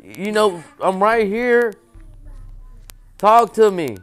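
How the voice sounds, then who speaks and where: Brief: male gamer, let's-play, unhurried delivery, mutters then yelps when scared, goofy repeated chants. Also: expressive, clear, resonant tone. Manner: jokey, talks to the game character, repeats silly chants; swings from low mutters to loud startled yelps. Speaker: gamer playing a horror game. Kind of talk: casual let's-play commentary.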